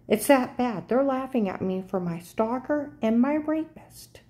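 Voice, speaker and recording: A woman in an insistent, urgent monologue to the camera, often checking in with "okay?", her pitch jumping up sharply when agitated. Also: lively intonation, a little slow, few pauses, mellow. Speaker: vlogger.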